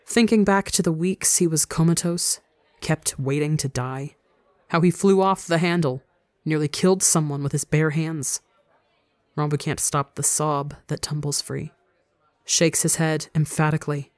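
Calm, dry-sounding story narrator. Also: medium pitch, unhurried, dry recording. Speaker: audiobook reader. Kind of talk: fanfiction audiobook narration.

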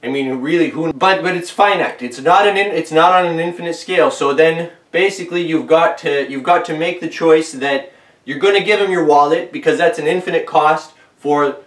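A man's voice: a little high, moderate pace. Joking man lecturing in an echoey room. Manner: deadpan, joking, acts out voices of people in his story. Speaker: host. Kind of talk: rambling comic lecture. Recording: echoey room, voice from far off the mic.

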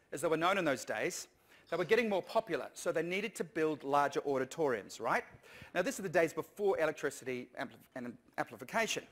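A man giving a humorous conference talk, lively and jokey, coaxing the audience along. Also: a little high. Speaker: conference speaker.

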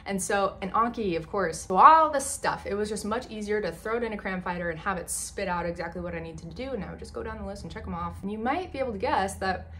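A chatty young woman tells her story to the camera in an animated, casual way, full of fillers and asides. Her voice sits at an ordinary pitch, and a faint hiss of background noise runs under it. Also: fast, few pauses. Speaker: medical student vlogger.

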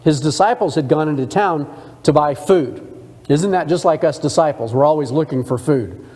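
High-voiced man teaching a Bible study. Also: a little mellow, in a large hall. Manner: reads scripture aloud and pauses to comment, conversational asides. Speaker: church teacher. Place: church sanctuary.

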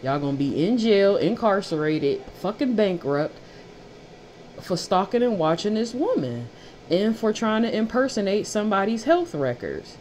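A woman's voice: medium pitch, sing-song, moderate pace, a little mellow, a little hiss or hum. A woman giving a casual tarot reading who talks bluntly, swears freely and repeats phrases for emphasis. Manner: blunt, profane and fired up. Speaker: tarot reader.

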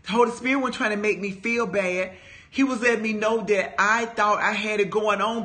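A woman in her fifties giving an animated, emphatic personal testimony in a Bible study talk, talking straight to her listeners. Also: mid-range voice, moderate pace. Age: 50s. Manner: animated, emphatic storytelling, addressing listeners as "y'all".

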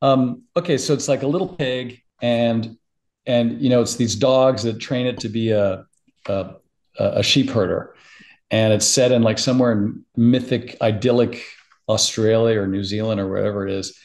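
A man's voice: medium pitch, normal speed. Emotional middle-aged man telling a story. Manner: emotional, tearing up, animated storytelling. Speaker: podcast guest. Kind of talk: casual interview chat.

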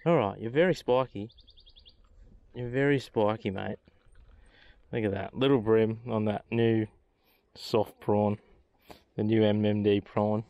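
A man's voice: fairly low pitch, fairly even intonation, a little slow, pauses often, dry recording, muffled recording. An Australian man on a boat outdoors, giving casual, chatty commentary as he fishes and talks to the fish he catches. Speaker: fishing vlogger.

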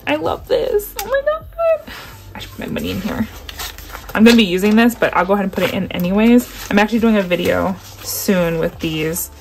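A young woman vlogger chatting excitedly through an unboxing. She gasps often and keeps saying how much she loves each item. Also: medium pitch, fast, soft background music. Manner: gushing, gasping, repeats "oh my gosh".

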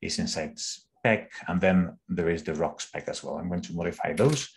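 A man, an engineer, walking through a live coding demo on a call, thinking aloud in an unhurried way with restarts. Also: low voice, creaky, slight background noise. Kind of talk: screen-share coding walkthrough.

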